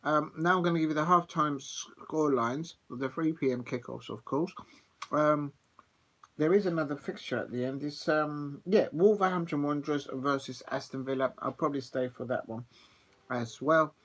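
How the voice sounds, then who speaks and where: A man's voice: fairly high pitch, moderate pace, fairly bright tone. A man hosting a live football watch-along, chatty and rambling with plenty of fillers. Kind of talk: casual live commentary.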